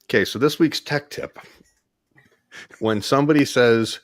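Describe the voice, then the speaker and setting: A man's voice: mid-range voice, measured pace, long pauses, no echo, studio quality. A man co-hosting a casual video-call chat, telling stories with many restarts. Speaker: co-host.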